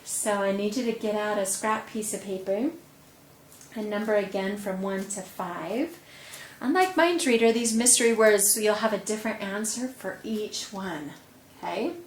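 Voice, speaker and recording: A woman teacher talks students through their tasks in a relaxed, casual way, with a few "um"s along the way. Her voice echoes in a room with a faint hum of noise. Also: mid-range voice, normal speed. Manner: relaxed, with frequent "um"s. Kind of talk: casual classroom instructions.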